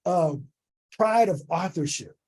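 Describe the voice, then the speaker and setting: A man from the United States, a podcast guest, telling a lively story in casual slang and acting out bits of dialogue. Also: fairly high pitch, slow, breathy edge. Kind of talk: animated storytelling in an interview.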